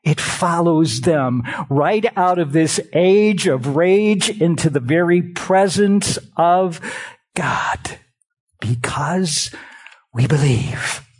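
Male preacher mid-sermon: slow and deliberate, husky, moves between hushed and forceful delivery. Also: on the high side, lively intonation. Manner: emphatic, repeats phrases for stress; swings between quiet and loud passages.

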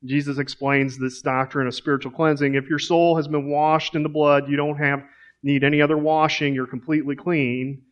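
A man's voice: on the high side, little pitch movement, normal speed, highs cut off. A man preaching a sermon in a conversational way, asking rhetorical questions.

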